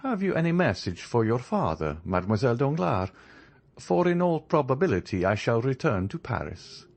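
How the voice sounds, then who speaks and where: A man's voice: mid-range voice, very animated, normal speed, gravelly, darkish tone, voice pushed up. A man voicing a desperate young male fugitive who pleads and later turns mocking.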